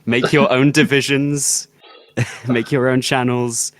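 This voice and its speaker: A man's voice: mid-range voice, little pitch movement, slow pace, no echo. A man from Britain co-hosting a casual podcast, rambling and laughing often, with plenty of sarcasm. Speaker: podcast co-host. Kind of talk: casual chat.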